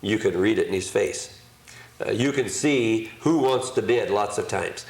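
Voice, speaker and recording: A man's voice: fairly low pitch, a little slow. An older man, an auctioneer, recalling his career in a plain-spoken, hesitant way during an interview. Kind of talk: recollecting in conversation. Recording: roomy echo.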